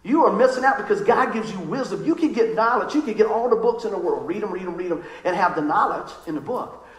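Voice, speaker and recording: A man preaches in a high voice, chatty and lively, acting out the people he quotes. His sermon rings through an echoey church room. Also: fast. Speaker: pastor. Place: church sanctuary.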